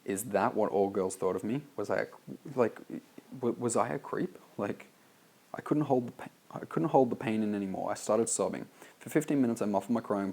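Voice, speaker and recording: A man's voice: on the low side, gravelly, a little mellow. An Australian man reading his own sales copy aloud and critiquing it in a loose, casual way, full of "like" and swearing. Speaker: copywriter reviewing a sales letter.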